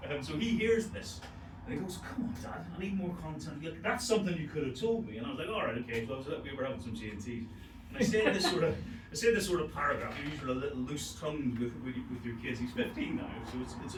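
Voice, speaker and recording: A middle-aged man telling a stand-up story on stage, swearing freely and laughing through his punchlines. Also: medium pitch. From Northern Ireland. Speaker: stand-up comedian. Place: comedy venue with audience. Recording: roomy live venue, distant mic, noisy.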